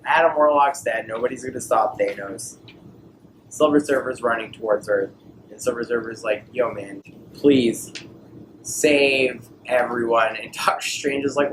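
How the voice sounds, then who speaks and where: A man on a podcast, slightly drunk, retelling a comic plot in loose slang and quick character voices. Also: mid-range voice. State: tipsy. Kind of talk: drunk rambling recap. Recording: roomy echo, clear background noise.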